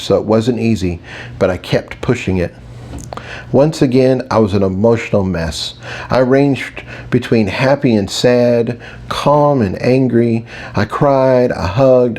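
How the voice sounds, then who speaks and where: A man narrating a fantasy audiobook in the first person, with expressive, playful storytelling. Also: on the low side.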